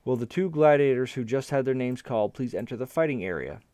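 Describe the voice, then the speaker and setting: A man's voice: mid-range voice, animated, fast talker, dark tone, clear, resonant tone, no room sound, clean studio sound, lightly acted. A man voicing a bored male arena announcer making formal announcements in a storybook reading.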